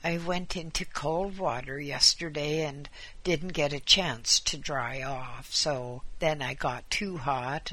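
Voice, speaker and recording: A man's voice: a little high, pushed and bright. A man doing a sick, plaintive old man.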